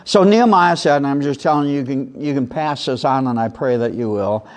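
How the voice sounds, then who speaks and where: A male pastor preaching a sermon with lively emphasis, reciting and chanting scripture lines. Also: medium pitch, a little fast.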